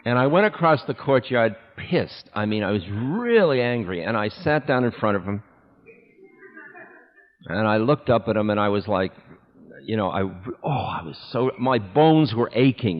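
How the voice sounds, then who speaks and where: A man's voice: lowish voice, lively intonation, normal speed. Candid male storyteller in an echoey hall. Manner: candid, self-mocking, breaks into laughter. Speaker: spiritual teacher. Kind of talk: storytelling talk to an audience. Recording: echoey hall, dull older recording.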